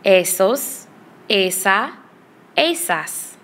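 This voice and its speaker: A woman teaching a Spanish grammar lesson in English, explaining patiently and repeating word lists slowly. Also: medium pitch, sing-song, fairly bright tone.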